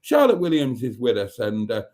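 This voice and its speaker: A man hosts a casual livestream in a warm, mellow voice. He chats easily and affectionately, reading viewer comments aloud as he goes. His pitch sits in a comfortable middle range for a man. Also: huge pitch swings, normal speed. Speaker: livestream host.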